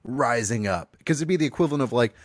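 A man's voice: medium pitch, lively intonation, fast talker, no echo, clean studio sound. A young man in casual chat, explaining things with crude jokes and asides.

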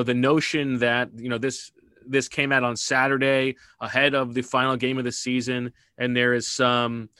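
Male podcast host, mid-pitched, dry close mic, casual talk that steers the segments. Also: sharp tone, dry recording. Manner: conversational, leads segments, plugs the site. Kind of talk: casual sports podcast chat.

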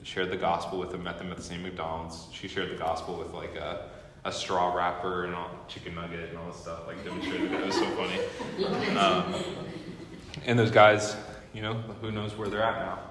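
A young man giving a guest teaching at a training school, telling stories in an animated way and acting out what people said. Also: low-pitched, normal speed, a little hiss or hum. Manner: animated storyteller acting out quotes. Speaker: guest lecturer. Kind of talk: storytelling sermon. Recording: echoey hall with long reverb.

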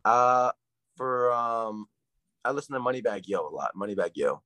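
A young man, a college wrestler, chatting fast and hyped in a casual interview, rambling with lots of fillers. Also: medium pitch, lively intonation, bright, forceful tone, dry recording, rough recording. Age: young adult.

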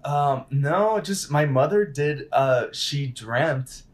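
A man's voice: a little high, animated, slow pace. A man chatting casually as a guest, telling a story hesitantly with many fillers. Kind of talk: casual chat.

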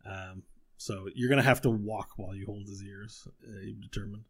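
A man narrating as game master of a tabletop game, talking in a relaxed, rambling way with many fillers. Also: fairly low pitch, moderate pace, creaky, breathy edge.

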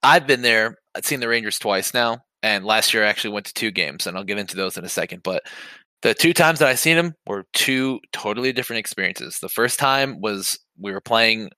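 A man co-hosting a podcast, telling hockey stories in a casual, profane, animated way and shouting when he acts out scenes. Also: on the low side, brisk, no echo. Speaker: podcast co-host. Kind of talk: casual storytelling chat.

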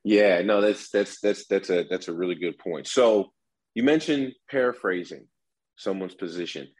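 Man, low pitch, husky tone, explanatory interview guest, repeats words when restarting. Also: moderate pace, darkish tone, poor audio. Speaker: negotiation instructor, guest. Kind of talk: instructive interview talk.

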